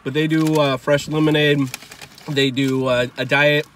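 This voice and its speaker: A man chatting casually over a meal, rambling in a relaxed way with lots of fillers. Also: on the high side, unhurried, a little hiss or hum. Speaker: local guide and co-host.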